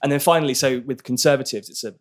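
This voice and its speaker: A man's voice: mid-range voice, quick pace. A man from Britain being interviewed on a podcast, speaking earnestly and thoughtfully with frequent restarts. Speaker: barrister and activist guest.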